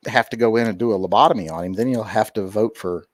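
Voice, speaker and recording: Reading viewer super chats on a relaxed livestream, this male host jokes and rambles, leaning heavily on fillers. He has a lowish voice and talks at a quick pace. There's no room sound in the recording.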